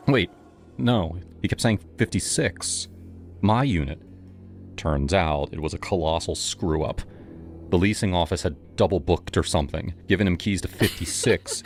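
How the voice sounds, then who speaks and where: Deep-voiced man telling a horror story. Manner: tense storytelling. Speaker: narrator. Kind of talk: first-person horror story narration. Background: music.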